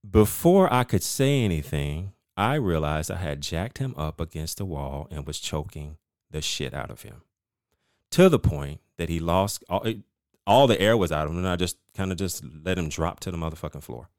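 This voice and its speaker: Deep-voiced man ranting on a podcast. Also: normal speed, no echo, studio quality. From United States. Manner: animated, profane, emphatic storytelling. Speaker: podcast host. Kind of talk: casual rant monologue.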